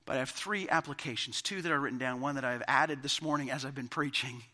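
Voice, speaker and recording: A man's voice: mid-range voice, fast talker. Impassioned preacher man in a reverberant hall. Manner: impassioned, building to emphatic peaks, with quiet asides. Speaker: pastor. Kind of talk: sermon. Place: church sanctuary.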